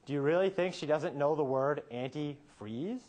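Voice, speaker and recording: With a slightly high male voice, a defense attorney sums up before the jury in a courtroom. He presses them with rhetorical questions, dramatic pauses and abrupt changes between low-key and emphatic speech.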